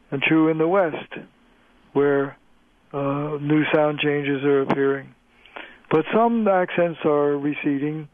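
A man's voice: fairly high pitch, no room sound. Man explaining over a tinny phone line. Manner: measured, explanatory, with frequent pauses. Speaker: linguist guest. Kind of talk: radio interview over the phone. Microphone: telephone.

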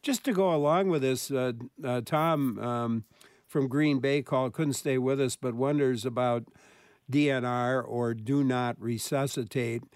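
A man's voice: medium pitch, measured pace, a little mellow, dry recording, studio quality. A man hosting a call-in talk program who passes questions to his guests in an easygoing, hesitant way with many fillers. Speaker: radio talk show host.

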